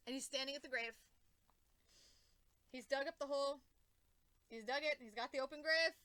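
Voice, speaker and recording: A woman's voice: high-pitched, moderate pace, sharp tone, no room sound. A young woman reacting to comics in an emotional rant, exclaiming, swearing and repeating herself. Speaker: comic book reviewer.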